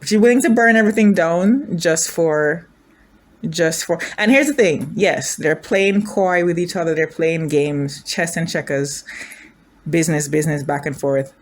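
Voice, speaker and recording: A woman's voice: low-pitched, a little slow. A woman chatting casually as she reacts to a drama, thinking aloud, gushing, and asking her viewers questions. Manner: emotional, gushing.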